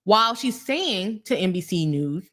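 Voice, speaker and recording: A young adult woman hosting a casual live-stream legal commentary, talking to her viewers in an animated, heated way and calling them "y'all". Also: mid-range voice, a little slow.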